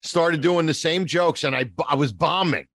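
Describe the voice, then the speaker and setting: A man's voice: on the high side, moderate pace, fairly bright tone, no room sound, clean studio sound. A man from New Jersey, a comedian guest telling a self-mocking story in casual podcast chat.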